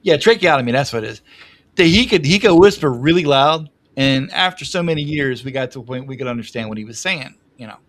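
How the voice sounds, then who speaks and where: A man's voice: medium pitch, animated, fast, fairly bright tone. A man telling rambling family stories on a podcast, laughing often at himself. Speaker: podcast guest. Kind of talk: casual storytelling.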